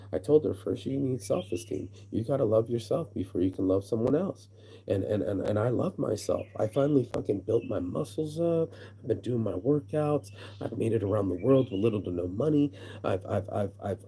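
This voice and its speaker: An American man vents to camera from a hammock outdoors, cursing freely and circling back over his own words. His voice sits fairly low, with a very dark, husky tone. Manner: profane, rambling, repeats words when worked up. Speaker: vlogger. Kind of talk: casual rant to camera.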